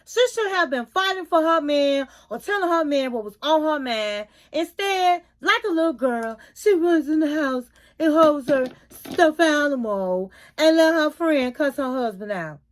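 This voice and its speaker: A woman's voice: high voice, lively intonation, a little slow, hardly any pauses. A woman casually recapping a reality TV episode, giving blunt, opinionated takes in colloquial speech. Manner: informal, colloquial phrasing. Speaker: YouTube reality TV commentator.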